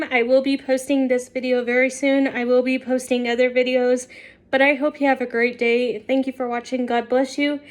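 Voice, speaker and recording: A woman vlogger telling a story to her viewers in a chatty way, often laughing as she talks. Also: high voice. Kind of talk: casual storytelling to camera.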